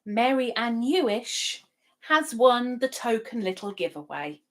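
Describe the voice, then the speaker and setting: A woman's voice: fairly high pitch, sing-song, a little slow, fairly bright tone. A woman hosting a casual live stream, chatting and reading out viewer comments with frequent laughs. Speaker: livestream host. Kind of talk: casual live-chat talk.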